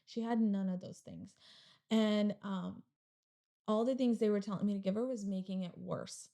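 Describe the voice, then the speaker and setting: A young woman recounts a hard personal story as a guest on a chat show. Her voice is low in brightness and mellow, with a lot of vocal fry, and she talks in a rambling way, leaning on "like" as she goes. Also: steady tone, moderate pace. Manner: rambling, heavy use of "like". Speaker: podcast guest.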